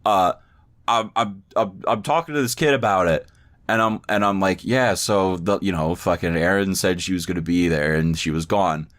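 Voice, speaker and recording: A low voice, slightly bright and moving at a moderate pace, belongs to a podcast co-host telling a rambling tale. He swears without hesitation and repeatedly restarts what he's saying during the casual conversation.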